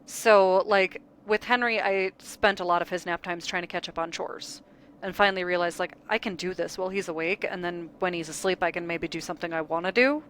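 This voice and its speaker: A young mother co-hosting a casual chat, telling lively stories and acting out the quotes. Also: fairly low pitch, brisk, a little hiss or hum, rough recording. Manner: lively storyteller, acts out quotes. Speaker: podcast co-host.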